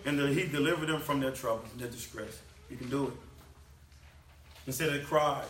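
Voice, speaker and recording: A man preaching a sermon, repeating lines with emphasis and swinging from loud to soft. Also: on the high side, a little fast, a little hiss or hum. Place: church hall. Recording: echoey hall from a distance.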